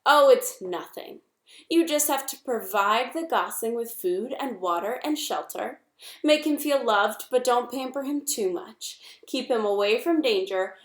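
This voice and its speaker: A woman voicing a stern, bossy old female goose who scolds briskly in a storybook reading. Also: fairly high pitch, lively intonation, echoey room, lightly acted. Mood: scolding. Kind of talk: storybook read-aloud.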